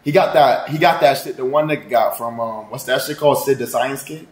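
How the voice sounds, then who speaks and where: A man's voice: mid-range voice, brisk. Roomy, rambling, profane male streamer. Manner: loud, profane, joking, rambling. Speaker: livestreamer. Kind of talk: casual livestream chat. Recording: roomy echo.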